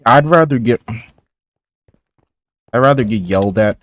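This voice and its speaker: A man's voice: medium pitch, expressive, measured pace, dry recording. A teenage boy talking casually over his gameplay, rambling and stumbling through stories with sarcastic asides. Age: teens. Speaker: gaming YouTuber.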